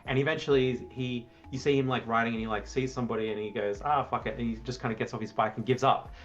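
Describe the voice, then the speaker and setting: Brief: chatty male co-host, jumps into high voices while retelling scenes. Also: fairly even intonation, fast, dull audio. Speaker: podcast co-host. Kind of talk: casual film review chat.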